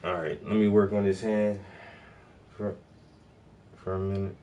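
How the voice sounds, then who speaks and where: Man with a very deep voice for a casual, slangy livestream. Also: fairly even intonation, unhurried, warm tone, highs cut off. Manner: laid-back slangy talk, lots of "bro" and "yo". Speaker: livestreaming painter.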